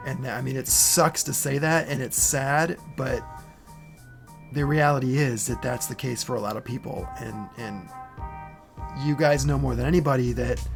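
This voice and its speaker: Male streamer, mid-pitched gravelly voice, halting and earnest, faint music under the chat. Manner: halting, restarts often, emotional and earnest. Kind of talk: casual live-stream chat.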